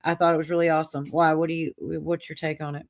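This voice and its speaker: A woman's voice: low voice, little pitch movement, quick pace, no room sound. A woman hosting a casual livestream, rambling and laughing easily. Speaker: livestream host.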